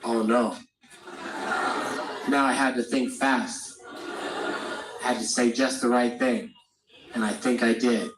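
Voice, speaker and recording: A man's voice: medium pitch, steady tone, takes it slowly, pauses often, noisy background. A man performing a stand-up comedy set in a comedy club, telling loose, rambling, profane stories. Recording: roomy live club sound from a distant mic.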